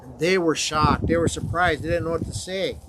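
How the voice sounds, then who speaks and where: A man teaching a confirmation class, retelling a Bible story in a conversational, halting way with frequent fillers. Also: a little high, noisy background.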